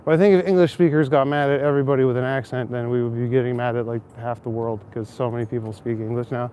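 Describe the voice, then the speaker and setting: A man's voice: medium pitch, fairly even intonation, fast talker, warm tone. Chatty man streaming while walking outdoors. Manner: chatty, swears casually, laughs often. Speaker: livestreamer. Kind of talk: casual walking livestream chat. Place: city streets outdoors. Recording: faint city traffic noise outdoors.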